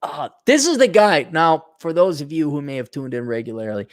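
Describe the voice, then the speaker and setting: A middle-aged man talks on a casual livestream, rambling from one remark to the next. His pitch swings widely as he mocks, teases and jumps into loud put-on voices. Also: expressive, a little fast, no echo, studio quality. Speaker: livestream host.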